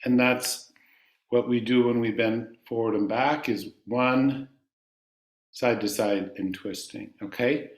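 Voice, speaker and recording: A man teaching a chanting class, calmly explaining ideas and singing long vowels for his students to repeat. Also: medium pitch, slow pace, echoey room.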